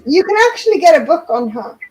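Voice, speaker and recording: Welsh woman on a live stream, high voice, sarcastic, blunt. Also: big pitch swings, fast talker, darkish tone, poor audio. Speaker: co-host. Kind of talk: casual chat.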